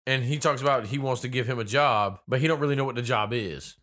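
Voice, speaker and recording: A man's voice: mid-range voice, fast, fairly bright tone. A man co-hosting a casual movie-review chat, riffing sarcastically and swearing freely. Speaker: podcast co-host.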